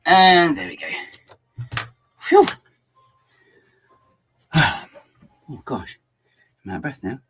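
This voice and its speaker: A man's voice: on the high side, very animated, slow pace, long pauses, fairly bright tone, soft background music. A man chatting casually on a livestream while building, rambling and muttering to himself with playful asides, his throat bothering him. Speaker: LEGO builder livestreaming to chat.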